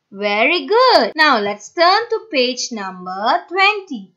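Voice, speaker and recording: Speaking slowly with few pauses, a woman with a high-pitched, sharp-toned voice and big pitch swings teaches phonics to children. She goes letter by letter, repeating each word and praising the students, all on a dull lo-fi recording.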